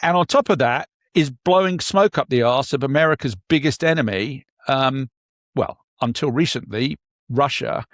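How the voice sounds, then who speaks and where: A man talks over politics in a halting way, full of ums and false starts. His voice sits at a middle pitch and is recorded close and dry, with no room sound. The tone is conversational and thoughtful. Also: fairly bright tone, no echo. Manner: halting, many fillers and restarts. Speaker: podcast co-host. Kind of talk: casual political discussion.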